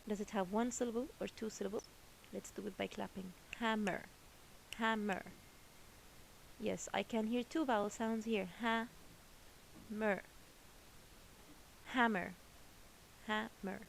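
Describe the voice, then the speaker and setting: A woman's voice: medium pitch, fairly even intonation, brisk, gravelly, slight background noise, rough recording. A woman teaching a children's English lesson, patiently repeating each word twice.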